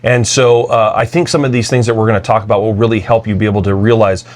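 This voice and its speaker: A man co-hosting a podcast, speaking in a thoughtful, slightly halting and agreeable way. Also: fairly low pitch, fairly even intonation. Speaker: podcast co-host. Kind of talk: casual conversational podcast.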